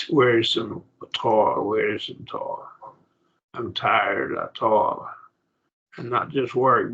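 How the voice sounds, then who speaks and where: A man teaching a Greek grammar class, explaining words slowly and checking in with his students. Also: lowish voice, creaky, sharp tone. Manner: slow, explanatory, repeats words and checks with "okay?" and "see?". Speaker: Bible college Greek teacher. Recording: dull lo-fi classroom recording.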